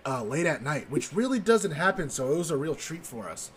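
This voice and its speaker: A man's voice: fairly high pitch, brisk, a little hiss or hum. A man in his twenties casually telling a story from his childhood, swearing often and laughing at his own story. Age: 20s. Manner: profane, laughing, animated storyteller.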